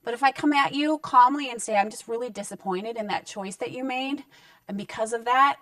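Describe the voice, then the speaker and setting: A woman's voice: on the high side, brisk, a bit bright, no room sound, recorded from a distance. Reassuring woman giving parenting advice. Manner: conversational and reassuring, acting out short parent-child exchanges. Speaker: parenting counselor. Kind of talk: direct-to-camera parenting advice talk. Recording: dry sound with the mic set back.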